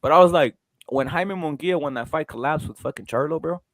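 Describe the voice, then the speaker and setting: A man's voice: fairly high pitch, fairly quick, no room sound. A man hosting a casual boxing chat stream, ranting with lots of swearing and repetition. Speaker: host.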